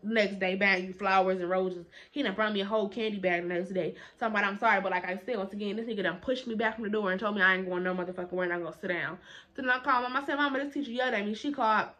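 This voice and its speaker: A young woman telling a story in a casual vlog, animated and emphatic, with quick indignant retorts. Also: mid-range voice.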